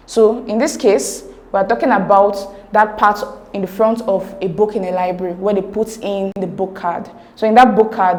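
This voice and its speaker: A woman's voice: mid-range voice, a little mellow. A woman explaining exam questions step by step as a tutor, reading out each option in turn. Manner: methodical, reads each option aloud.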